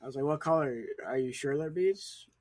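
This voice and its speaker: A teenage boy chatting casually and telling a rambling story in a soft, mumbled way. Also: a little high, fairly quick, dry recording. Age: teens. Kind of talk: casual chat.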